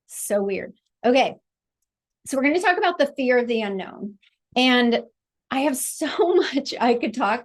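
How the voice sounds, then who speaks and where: A middle-aged woman with a voice on the high side teaches a live online class over a video call. She's a childbirth educator, and her manner is chatty and encouraging.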